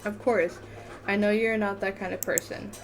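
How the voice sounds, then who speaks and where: A loyal, kind schoolgirl friend in a story game, read by a woman in her own voice, speaking in a plain, reassuring way. The voice sits at a middle pitch, with faint hiss behind it. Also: steady tone, moderate pace, lightly acted.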